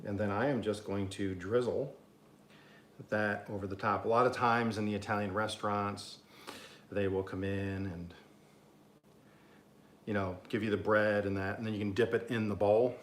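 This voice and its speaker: A man's voice: fairly low pitch, steady tone, moderate pace, long pauses, slight background noise. A man from Oklahoma chatting his way through a casual cooking vlog, rambling and amused at himself. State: talking with mouth full at times. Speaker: cooking vlogger.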